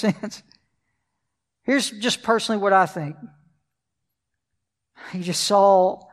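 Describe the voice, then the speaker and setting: A man's voice: high-pitched, big-room sound. A male pastor preaching a sermon, asking the congregation questions as he goes.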